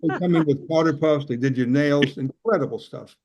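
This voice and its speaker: A man in his sixties from Chicago delivers a rambling stand-up set over a video call. His jokes come out deadpan in a slightly raised voice, and he slips into character voices now and then. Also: on the high side, a little fast, muffled recording. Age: 60s. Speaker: stand-up comedian.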